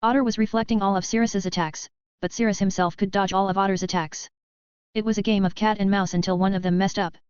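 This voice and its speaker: A woman's voice: mid-range voice, a little mellow, clean tone, no echo, dull audio. A woman giving a scripted novel narration, reading evenly and steadily. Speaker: audiobook narrator.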